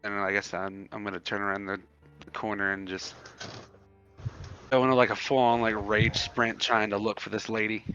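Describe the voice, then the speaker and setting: Male tabletop player, low smooth voice, filler-laden telling, dull dry lo-fi mic. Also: little pitch movement, moderate pace, bright, forceful tone, soft background music. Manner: loose, filler-heavy storytelling with many "like"s. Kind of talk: in-character tabletop narration.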